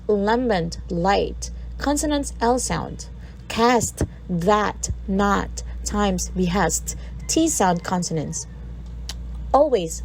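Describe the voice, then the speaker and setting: A woman's voice: medium pitch, gravelly, a little mellow, slight background noise, poor audio. A woman from the Philippines presenting a recorded literature lesson, reading a poem aloud and breaking down its sounds word by word.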